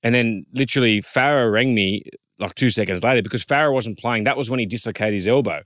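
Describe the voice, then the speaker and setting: An Australian man in his thirties, a former rugby league player telling an animated story in casual chat, quoting others in lively voices. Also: mid-range voice, fast talker, no echo, studio quality.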